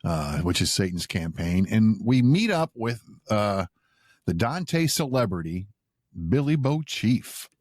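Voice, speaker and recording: A man's voice: lowish voice, very animated, slow pace, darkish tone, no room sound. Dry-sounding male podcast host. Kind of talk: recapping and asking questions.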